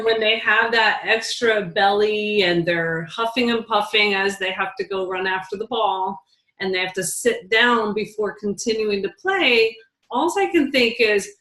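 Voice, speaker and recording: A woman's voice: mid-range voice, a little slow, a bit bright, roomy sound, poor audio. A woman leading a casual team talk, telling chatty stories and laughing easily. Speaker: team leader.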